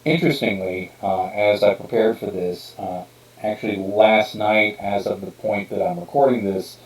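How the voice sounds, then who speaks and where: A man with a very low voice hosts a casual podcast, wandering through his points with frequent fillers and false starts. He sits a little away from the mic, and the room gives his voice a noticeable echo. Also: steady tone, normal speed, distant mic. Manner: rambling, many fillers and restarts. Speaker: podcast host and author. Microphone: streamed podcast mic.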